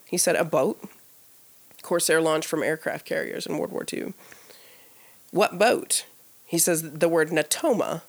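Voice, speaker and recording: Gravelly lower-voiced woman telling a story. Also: a little slow, pauses often. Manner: animated, laughing, lots of "like" fillers, acts out quoted dialogue. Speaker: podcast co-host. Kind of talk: casual storytelling. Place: live podcast taping before an audience.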